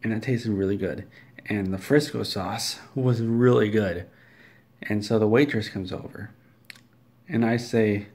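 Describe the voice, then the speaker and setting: A man with a low, gravelly voice tells an absurd comic story. He rambles and drifts off on tangents, and he keeps a flat, matter-of-fact delivery the whole way through. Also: measured pace.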